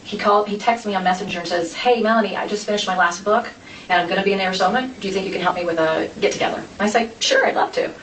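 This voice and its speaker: A woman's voice: mid-range voice, racing. A woman telling her personal story in an interview, rambling, with many restarts and quoted conversations. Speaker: interview guest. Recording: echoey room, from a distance, faint noise.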